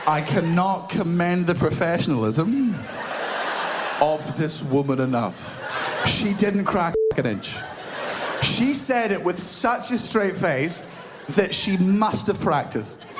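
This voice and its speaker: A man's voice: sits high, very noisy. A young man doing stand-up storytelling, swearing freely and laughing as he acts out the voices in his tale. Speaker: stand-up comedian.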